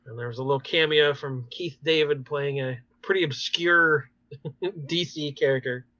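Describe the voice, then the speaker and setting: A man hosting a podcast, recapping TV episodes in an animated, rambling way with many fillers. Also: on the high side, moderate pace, no echo, highs cut off. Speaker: podcast host. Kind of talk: casual chat recapping TV episodes.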